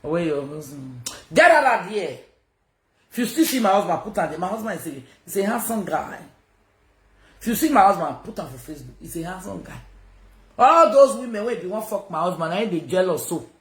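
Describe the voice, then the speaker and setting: Loud ranting Nigerian woman. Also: fairly low pitch, very animated, fairly quick, reverberant. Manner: loud, confrontational, mixes in Pidgin. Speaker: social media personality. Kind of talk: livestream rant.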